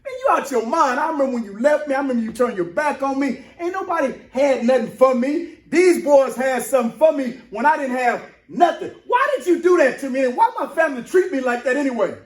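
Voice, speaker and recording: A man's voice: very high voice, lively intonation, a little fast, few pauses, reverberant, pitched above the performer's own voice. A man voicing an aggrieved outcast who confronts the people who rejected him, speaking in indignant, streetwise bursts that rise and press.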